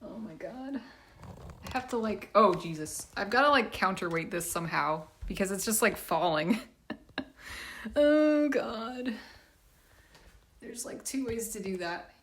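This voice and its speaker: A woman's voice: medium pitch, normal speed, fairly bright tone, roomy sound. A woman chatting casually on a live stream from a laundry room, a bit congested and sniffly, nervous and self-deprecating.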